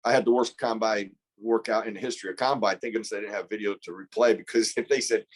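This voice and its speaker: A man's voice: lowish voice, steady tone, quick pace, hardly any pauses. A man in his fifties, a former pro football player, telling an earnest, reflective story as a podcast guest, often restarting his sentences.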